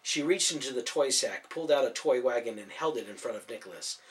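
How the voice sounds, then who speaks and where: A man's voice: medium pitch, brisk, few pauses. Man narrating a storybook from off-mic. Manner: expressive storytelling. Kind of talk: audiobook narration. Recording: voice from a distance off mic.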